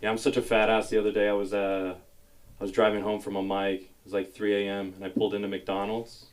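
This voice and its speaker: A man's voice: lowish voice, flat delivery, fast talker, low-quality recording. A man performing a stand-up comedy set on a club stage, telling self-mocking, rambling stories into a stage mic.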